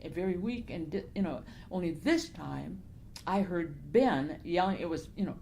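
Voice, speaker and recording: An older woman novelist, a guest in a casual interview, tells her stories with animation, laughing often and growing emotional. Her fairly low voice is expressive and a little mellow, at a moderate pace, with faint background noise.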